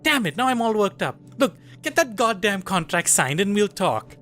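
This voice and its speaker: A man's voice: sits high, sing-song, normal speed, a bit bright. Man putting on a scheming yakuza boss lady, silky, coolly menacing, faint game music behind. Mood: worked up.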